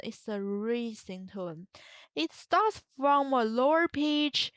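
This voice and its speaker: Woman, teaching in English; very slow, patient and repetitive; smooth, clear voice, dry close sound. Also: a little high, no echo. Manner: repeats phrases slowly, models tones with drawn-out vowels. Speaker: Mandarin teacher. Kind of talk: slow, patient language lesson.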